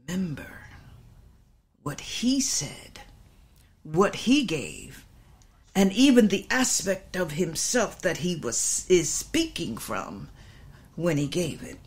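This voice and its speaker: A woman's voice: fairly low pitch, gravelly. A woman pastor teaching from scripture in a sermon, stressing points by repeating phrases and checking in with her listeners. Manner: repetitive, emphatic teaching with frequent asides.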